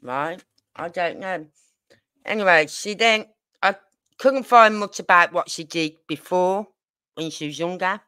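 A woman's voice: fairly low pitch, unhurried, pushed and bright, smooth, no echo, clean studio sound. An older woman from Birmingham with a Brummie accent, hosting a livestream in a rambling, chatty way with exasperated asides. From Birmingham, England. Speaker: true crime livestream host. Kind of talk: casual chat.

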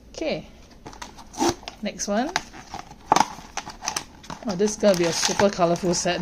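A woman speaks slowly and softly while unboxing collectible toys, pausing to admire each one with gentle delight. Her pitch sits in an ordinary middle range, and a faint hiss lies under her voice. Plastic crinkles and clicks as she handles the packaging. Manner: slow, gentle, delighted comments on each figure. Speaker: toy unboxing host. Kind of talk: unboxing narration, soft ASMR-like.

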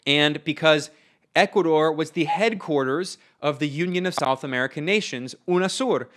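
A man's voice: on the high side, normal speed, a bit bright. A young man giving an invited political talk, emphatic and sardonic, often restarting his phrases. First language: English. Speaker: invited speaker.

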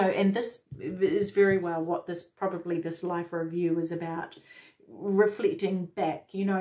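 A woman's voice: on the low side, a little mellow. A woman giving a casual, effusive tarot reading, talking straight to the viewer. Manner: enthusiastic, effusive, addresses viewer directly. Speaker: tarot reader.

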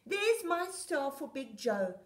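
A woman voicing a determined little female rocket in a children's story, speaking excitedly. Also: slow pace, exaggerated voice. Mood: eager. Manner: excited, high and bright.

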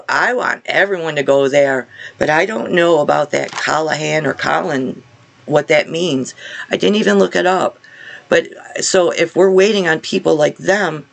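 A man recounts a vision in a slightly high, gravelly voice. He speaks with earnest feeling, stumbling and restarting his phrases as he goes. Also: a bit bright. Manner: halting, repeats and restarts words, earnest. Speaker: vlogger sharing a religious vision. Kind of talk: casual spoken testimony.

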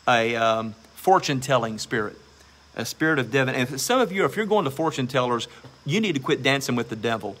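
A man's voice: mid-range voice, expressive, a little fast, fairly bright tone. A man preaching a sermon as pastor, emphatic and exhorting, repeating phrases for stress.

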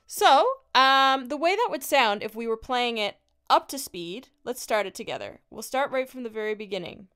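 A woman's voice: fairly high pitch, animated, faint music behind. Upbeat woman teaching fiddle, with a Newfoundland accent. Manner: encouraging, patient, explains slowly. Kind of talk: friendly step-by-step music tutorial. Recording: fiddle playing loud in between.

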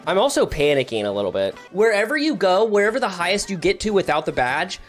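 A young man giving casual, excitable commentary while playing a multiplayer game with friends, yelping and laughing at his mistakes. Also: fast, faint music behind. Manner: excitable, yelps high when frustrated, laughs often. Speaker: gaming YouTuber.

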